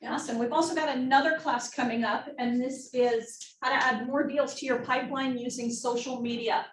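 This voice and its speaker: A woman's voice: high-pitched, steady tone, a little fast. A woman running an office team meeting presentation, upbeat and making joking asides. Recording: roomy, distant mic, faint noise.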